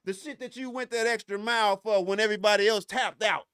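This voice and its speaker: Heated, high-voiced man ranting on a podcast. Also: steady tone, quick pace, bright, forceful tone, clean tone, dry recording, studio quality. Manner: profane, heated and confrontational, with frequent stammered restarts. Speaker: podcast host. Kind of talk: solo podcast rant.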